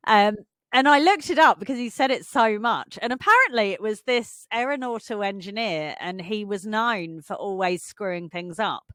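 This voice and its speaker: A woman's voice: mid-range voice, animated, normal speed, few pauses, a bit bright, no room sound, clean studio sound. A woman co-hosting a podcast, chatting casually and laughing often as she tells stories. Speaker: podcast co-host. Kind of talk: casual chat.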